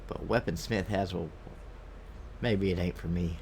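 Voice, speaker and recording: A man's voice: deep voice, fairly even intonation, measured pace, darkish tone, slight background noise. A man casually chatting while streaming a game, rambling as he plays and reading lines aloud, with a stuffed-up nose. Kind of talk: casual gameplay commentary.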